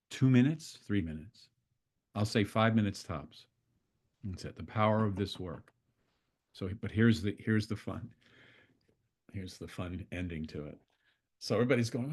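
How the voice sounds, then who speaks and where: An older man with a somewhat low voice tells a story as a facilitator. He talks in a loose, conversational way. He slips into the voices of the people in his story as he goes. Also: normal speed, darkish tone. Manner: conversational, acts out dialogue with swearing quotes. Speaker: constellation facilitator. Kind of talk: storytelling in an online talk.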